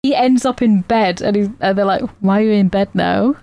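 A woman's voice: mid-range voice, a little fast, vocal fry, dark tone, no room sound, dull audio. A woman co-hosting a podcast, recapping a comedy film in casual chat, rambling with fillers and laughing as she goes. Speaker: podcast co-host.

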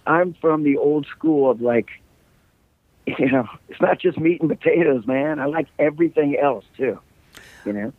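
A middle-aged American man who sings rock talks loosely as an interview guest, his fairly high, slightly scratchy voice moving at a moderate pace. Joking and rambling, he tells stories over a dry, tinny line with no room sound.

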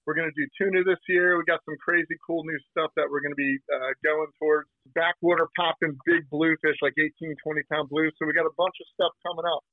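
A man's voice: on the high side, level tone, dry recording. Brash man on a tinny phone line. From New Jersey. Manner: brash, slangy, talks in quick bursts. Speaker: guest, fishing TV host. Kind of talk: casual interview.

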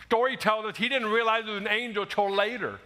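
A man preaching a sermon, animated and emphatic, acting out quoted voices and rising to shouts. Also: sits high, fast talker. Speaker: pastor.

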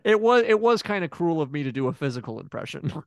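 A man improvising as a therapist in a comedy role-play, talking in a deadpan way. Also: fast talker, no echo, muffled recording. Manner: deadpan, drops to a low mumbling voice as a put-on persona.

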